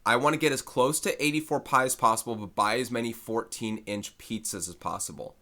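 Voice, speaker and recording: Bright-toned man talking through a math problem. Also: medium pitch, fairly quick. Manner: thinks aloud, self-correcting, conversational. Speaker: math teacher. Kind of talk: recorded video lesson.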